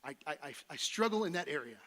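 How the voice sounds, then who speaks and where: A middle-aged male pastor gives a relaxed, conversational sermon in a church sanctuary. His voice sits a little higher than most men's, and he slips into playful voices for the people in his story. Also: quick pace. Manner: conversational, playful, acts out voices of Moses and God.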